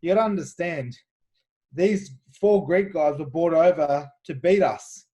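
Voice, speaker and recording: An Australian kickboxer with a fairly high, mellow voice takes his time telling fight stories in an animated interview. He's confident and chatty, full of fillers and restarts.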